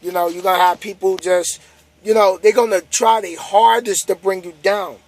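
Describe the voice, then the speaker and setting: Tired high-voiced man giving pep talk. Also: fairly even intonation, moderate pace, faint music behind. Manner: casual, repetitive, preachy, building up emphasis. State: tired, yawning. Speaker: trucker vlogger. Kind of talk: motivational monologue to camera.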